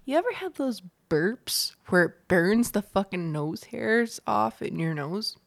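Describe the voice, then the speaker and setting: A tipsy young woman co-hosting a podcast, loud, profane and giggly. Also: mid-range voice, lively intonation, measured pace, gravelly. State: drunk. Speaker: podcast co-host. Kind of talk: tipsy casual chat.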